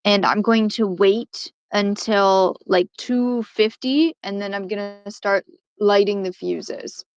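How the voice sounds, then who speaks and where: Smooth-voiced woman player, slightly muffled. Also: mid-range voice, slow pace, dry recording. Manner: hesitant, many fillers. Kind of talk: casual tabletop play. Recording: slightly muffled home mic.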